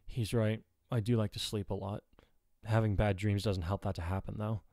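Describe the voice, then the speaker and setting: A man's voice: fairly low pitch, little pitch movement, normal speed, warm tone, no room sound, clean studio sound, close to an everyday voice. A man voicing a distraught teenage girl hero student who is tired and short of breath from jogging. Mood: weary.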